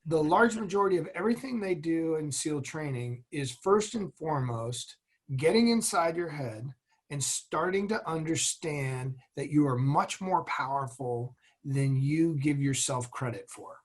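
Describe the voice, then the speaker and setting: An earnest middle-aged man, a former military officer and executive, tells motivational stories as a guest in an interview conversation. His voice is fairly high-pitched and a little slow.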